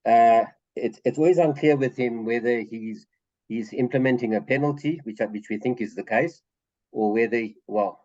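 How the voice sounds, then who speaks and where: A man's voice: mid-range voice, normal speed, darkish tone. Man, hesitant, repeats words, thinking aloud, study group participant, dull call audio.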